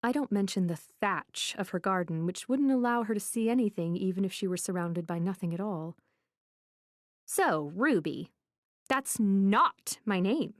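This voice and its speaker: A woman's voice: medium pitch, a little fast, hardly any pauses, a little mellow, no room sound, studio quality. A woman reading a first-person thriller audiobook with a wry, anxious inner voice. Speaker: audiobook narrator. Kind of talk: scripted first-person narration.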